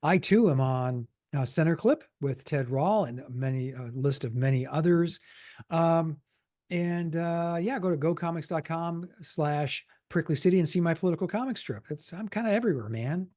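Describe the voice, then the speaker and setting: A middle-aged man co-hosting a political podcast, wry and quick to correct and tease. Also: a little high, animated, darkish tone. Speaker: podcast co-host, political cartoonist. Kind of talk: casual political chat.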